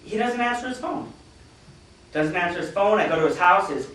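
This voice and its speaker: A man's voice: high-pitched, expressive, moderate pace, long pauses, a bit bright. A man giving a motivational business seminar to a room, telling stories animatedly and acting out the people he quotes. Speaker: business opportunity speaker. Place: meeting room with an audience. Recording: echoey room, distant mic.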